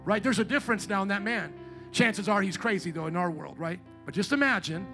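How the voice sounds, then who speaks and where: Fervent high-voiced preacher with faint guitar. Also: male voice, expressive, creaky. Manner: fervent, rising to loud emphatic preaching; slows right down on scripture quotes. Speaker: pastor. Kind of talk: sermon. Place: church sanctuary. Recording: faint guitar music behind.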